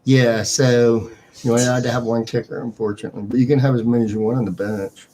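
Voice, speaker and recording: On a live stream, a man runs a fantasy football draft, casually explaining the league's scoring rules and restarting often. He talks fast in a warm, mid-range voice with flat delivery.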